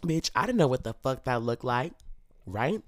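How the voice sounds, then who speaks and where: Profane, lively podcast co-host man. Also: mid-range voice, normal speed, dry recording, clean studio sound. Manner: loud, profane, animated storytelling with slang. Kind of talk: casual chat.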